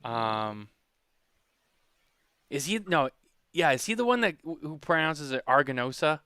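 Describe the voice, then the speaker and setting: A man's voice: a little high, very animated, takes it slowly, sharp tone, clear, resonant tone, no room sound, studio quality. A man hosting a podcast in casual chat, rambling and chatty as he reads comments. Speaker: podcast host.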